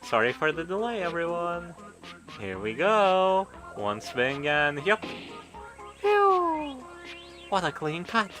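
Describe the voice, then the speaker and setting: A man's voice: high-pitched, wildly swooping pitch, slow pace, bright, forceful tone, voice pushed up, full character voice, low-quality recording. A man voicing a smug, cruel male show host who stages a mock trial, in a theatrical, mocking tone over game music. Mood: gleeful. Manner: mocking, theatrical, sing-song.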